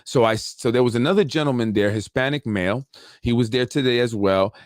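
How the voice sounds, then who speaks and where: A man hosting a talk show, telling a story in a casual, animated way with street slang and repeated points. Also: mid-range voice, brisk, no room sound, studio quality. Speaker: show host.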